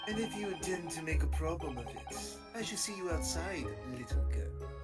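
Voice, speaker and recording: A woman voicing a haughty middle-aged English gentleman, pompous and clipped, in an amateur reading of a game script. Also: on the low side, animated, normal speed, over loud music, lightly acted.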